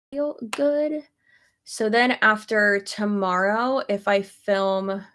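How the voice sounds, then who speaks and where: A woman's voice: mid-range voice, fairly bright tone. A young pregnant woman chatting casually on a stream, thinking aloud and swearing now and then. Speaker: YouTuber. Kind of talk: casual chat reading stream comments.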